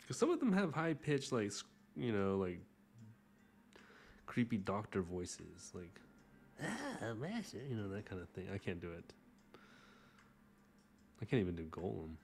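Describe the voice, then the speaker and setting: Male streamer-artist, lowish voice, loose rambling chat with self-mocking jokes, mumbles as he works. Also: lively intonation, measured pace, gravelly, pauses often, faint music behind. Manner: talks while drawing, trailing off into soft mumbles. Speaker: artist hosting a drawing livestream. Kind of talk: casual livestream drawing commentary.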